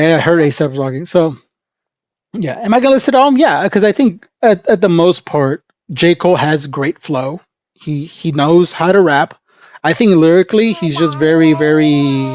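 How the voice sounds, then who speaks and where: A woman's voice: fairly low pitch, a little mellow, no room sound. A woman livestreaming in casual chat, rambling and opinionated, with lots of fillers.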